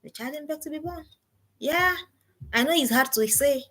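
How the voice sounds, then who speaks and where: A woman's voice: high voice, normal speed, fairly bright tone. A middle-aged woman, a parenting coach, gives an emphatic seminar talk and repeats her key points as commands.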